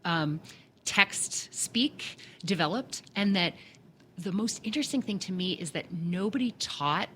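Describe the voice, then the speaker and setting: Bright-voiced woman interviewing, chatty. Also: fairly low pitch, lively intonation, measured pace, a little hiss or hum. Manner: chatty, thinks aloud with fillers like "like". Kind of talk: conversational interview.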